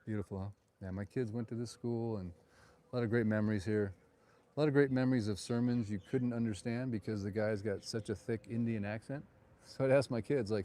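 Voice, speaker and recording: A man's voice: mid-range voice, fairly quick, warm tone. Rambling middle-aged man on a night walk. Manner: rambling, digressive, chatty asides. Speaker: realtor hosting a walking tour. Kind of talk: live walking-tour vlog. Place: outdoors on a town street at night. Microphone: phone.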